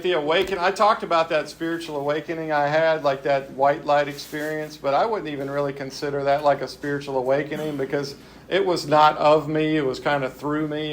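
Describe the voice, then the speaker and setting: A man's voice: a little high, level tone, a little fast, a bit bright, a little hiss or hum. A man giving a reflective, plain-spoken recovery talk as a speaker at a men's spiritual retreat. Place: retreat gathering.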